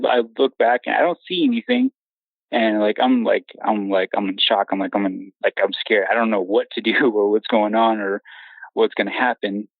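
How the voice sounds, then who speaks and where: Gravelly young man on a phone line. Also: on the low side, no room sound. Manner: rambling, halting with many restarts, nervous laughs. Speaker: caller telling his own encounter story. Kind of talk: casual storytelling.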